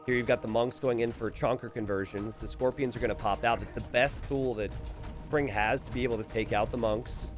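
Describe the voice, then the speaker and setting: A man commentating a recorded strategy game match, animated and chuckling, calling out to the players. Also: medium pitch, brisk, music in the background.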